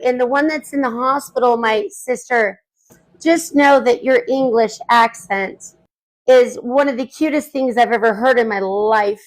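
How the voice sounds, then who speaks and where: A woman's voice: high voice, rough recording. A woman caller on a live stream, speaking casually and gushing with affection.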